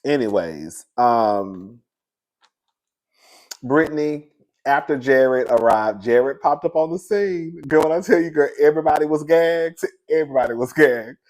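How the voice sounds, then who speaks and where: Sassy animated man recapping reality TV. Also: on the high side, measured pace. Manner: sassy, animated, laughs often, acts out quotes. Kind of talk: casual solo review chat.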